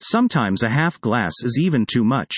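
A man's voice: medium pitch, sing-song, normal speed, husky, no room sound. A man reading his personal essay aloud in a wry, conversational way, close to the mic.

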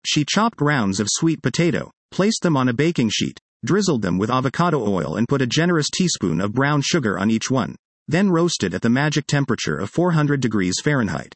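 A man reading a first-person magazine article aloud in a lively, expressive way. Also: mid-range voice, a little fast, dry recording.

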